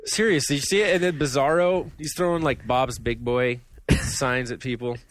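A man chatting on a casual podcast panel, his voice sitting at an ordinary middle pitch. He rambles through his stories with a sarcastic edge. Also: steady tone, moderate pace, dry recording. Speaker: podcast co-host.

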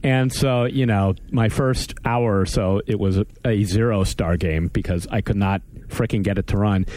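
Speaking at a moderate pace in a voice on the low side and a little mellow, this gaming podcast host keeps things casual. He rambles with a wry tone and keeps interrupting himself to restart sentences.

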